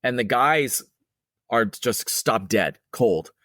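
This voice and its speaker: A man's voice: medium pitch, slow pace, no room sound, studio quality. A middle-aged man telling a spooky personal story in a casual, rambling way, with many fillers and restarts, raising his voice to act out other people's lines. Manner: acts out quoted dialogue in a raised, excited voice. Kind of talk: casual spoken ghost story.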